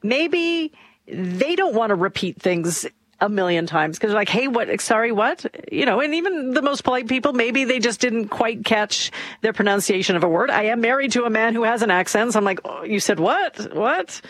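A woman co-hosting a talk radio debate, speaking in a measured, conversational way. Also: on the high side, expressive, no room sound. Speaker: radio co-host.

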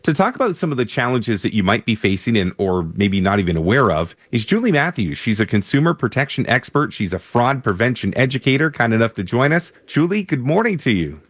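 A man's voice: medium pitch, sing-song, a little fast, hardly any pauses, fairly bright tone, dry recording, clean studio sound. A man hosting a radio interview, talking in a conversational, easygoing way. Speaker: radio show host.

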